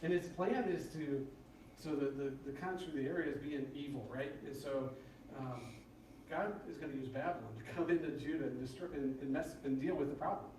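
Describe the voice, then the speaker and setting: A man preaching a conversational sermon, acting out prayers and complaints in a lively, rising voice. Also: fairly quick, a little hiss or hum. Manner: conversational, acts out prayers with rising excited pitch. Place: church sanctuary. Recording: very echoey church from far off.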